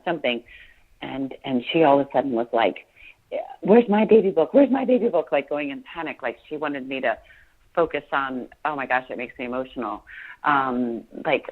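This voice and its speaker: Halting low-voiced woman on a phone line. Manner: halting, many restarts and fillers. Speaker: podcast guest. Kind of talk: emotional interview.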